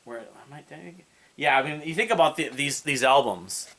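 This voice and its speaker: Bright-voiced man rambling through an album review. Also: fairly high pitch, expressive, normal speed. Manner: rambling, hesitant, many fillers and restarts; hums and scats melodies.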